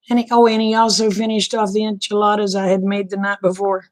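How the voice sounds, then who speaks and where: Casting: middle-aged woman, Oklahoma accent, relaxed folksy stream host, flat delivery, slightly rough throat. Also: mid-range voice, quick pace. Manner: relaxed, folksy, talks to viewers by name. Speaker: livestream host chatting with viewers. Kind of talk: casual late-night chat.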